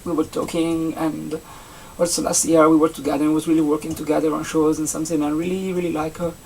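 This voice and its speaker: A young adult vlogger from Italy with an Italian accent, a native Italian speaker chatting casually in English, rambling and halting with many restarts and fillers. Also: mid-range voice, flat delivery, a little mellow. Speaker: vlogger, seasonal campsite entertainment worker. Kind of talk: casual vlog chat. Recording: distant mic with faint background noise.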